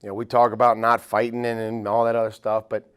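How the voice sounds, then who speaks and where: A middle-aged man with a somewhat low voice tells stories in a relaxed, rambling way, full of casual fillers. He is a football coach who is a guest on a podcast interview. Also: quick pace, clear, resonant tone. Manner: relaxed, rambling anecdotes with many "you know" fillers.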